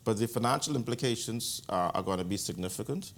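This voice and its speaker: A man, speaking as a guest commentator in an interview, measured and deliberate with frequent restarts. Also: lowish voice, animated, creaky, fairly bright tone. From Bahamas. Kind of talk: interview answer.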